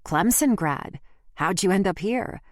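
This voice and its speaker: A woman's voice: mid-range voice, lively intonation, a little slow, dry recording, clean studio sound, natural voice. A woman voicing a chatty young female bartender from the South who speaks bluntly, reading an audiobook. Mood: frank. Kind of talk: audiobook character voice.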